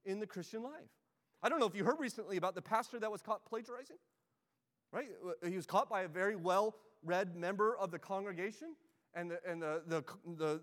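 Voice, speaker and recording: A male pastor delivering a sermon in a conversational way, his voice sitting high for a man. He often repeats words and checks in with the listeners. The sound carries a long church reverb. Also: fairly bright tone. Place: church sanctuary.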